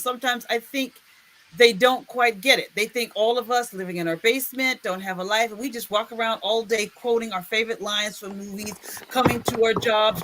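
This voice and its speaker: A woman's voice: a little high, a bit bright, slight background noise. A woman chatting casually on a stream panel, teasing and laughing often. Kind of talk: casual podcast chat.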